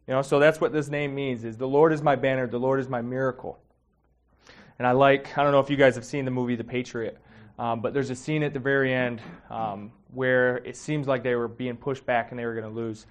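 A man's voice: medium pitch, fairly even intonation, brisk. Conversational man preaching a sermon. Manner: conversational, emotional, many fillers. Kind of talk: casual sermon.

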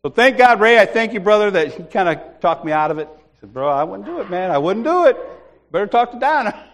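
A man's voice: sits high, very animated, a little fast. A man preaching a sermon, telling a comic personal story, acting out other people's voices and laughing often.

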